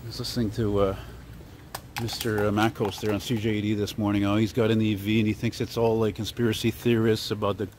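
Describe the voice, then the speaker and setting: A man's voice: fairly low pitch, little pitch movement, a little fast, darkish tone, a little hiss or hum. Chatty man on a street walk. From Canada. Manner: chatty, digressive, filler-heavy. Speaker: vlogger. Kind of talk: rambling walking vlog. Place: outdoor city street.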